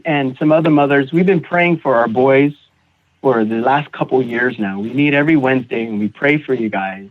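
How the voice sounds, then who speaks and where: A man guest on a recovery podcast, telling his personal story in a halting way, repeating words and acting out what others said. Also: mid-range voice. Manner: halting, repeats words, acts out quoted voices. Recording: tinny phone-like audio.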